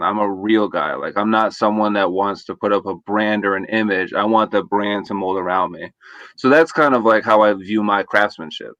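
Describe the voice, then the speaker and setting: A man guest on a live show answers questions in a relaxed, rambling way, full of fillers. His voice sits low. The sound is dry and muffled, like a video call. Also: no room sound. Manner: casual, rambling, filler-heavy. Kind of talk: interview conversation.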